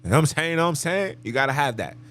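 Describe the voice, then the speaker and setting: A man's voice: on the high side, very animated, rapid-fire, a bit bright. A man hosting a live podcast monologue, talking emphatically and preachily and repeating his phrases. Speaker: podcast host.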